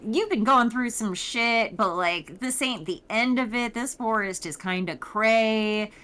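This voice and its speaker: A woman's voice: fairly high pitch, measured pace, a bit bright, clear, resonant tone. A woman voicing a laid-back male ghost who talks in an easygoing, slangy way, quoted in a game recap.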